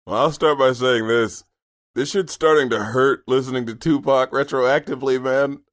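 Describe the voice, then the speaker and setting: A man co-hosting an album review show in casual chat, animated and joking, swearing and laughing a lot. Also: mid-range voice, normal speed.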